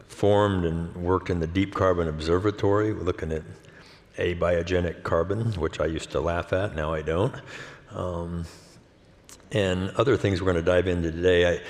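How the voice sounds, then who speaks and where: A man moderating an onstage forum conversation, introducing his guest with admiring, rambling questions. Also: low voice. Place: conference hall stage. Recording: reverberant hall.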